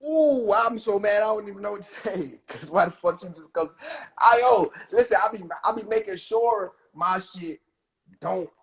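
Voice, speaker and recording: A man's voice: high-pitched, lively intonation, moderate pace, gravelly, poor audio. A young man venting on a phone livestream, rambling, swearing and trailing off mid-thought. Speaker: rapper on livestream. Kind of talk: livestream rant.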